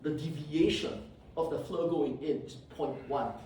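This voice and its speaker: A man giving a live classroom lecture while coding, animated and teasing, often checking whether students follow. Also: a little high, measured pace, slight background noise. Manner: animated, teasing, asks "did you see?" often. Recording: echoey lecture hall, distant mic.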